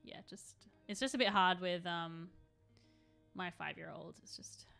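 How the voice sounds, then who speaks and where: Her voice bright and clear yet on the low side, a woman talks unhurriedly through a live stream while painting. She rambles in a chatty manner and replies to her chat, with quiet music faintly in the background.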